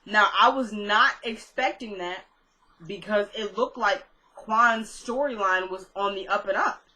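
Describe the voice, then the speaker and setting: A woman giving a casual, chatty recap of a TV episode, slangy and quick to slip into quoting the characters' lines. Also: mid-range voice, bright, forceful tone, rough recording. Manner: chatty, slangy retelling that jumps into quoted dialogue.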